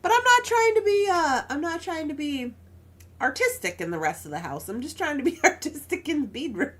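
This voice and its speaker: A woman's voice: high-pitched, very animated, a little fast, fairly bright tone. A woman casually chatting while she crafts jewelry on a live stream, telling stories with frequent laughs and asides.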